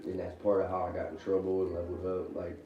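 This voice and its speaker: A man's voice: deep voice, monotone, fast. A man in his thirties on parole, talking casually and loosely about his family, full of filler words. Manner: loose, rambling with many likes. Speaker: former inmate on parole. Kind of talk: casual candid chat. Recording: muffled echoey room audio from a distance, faint hiss.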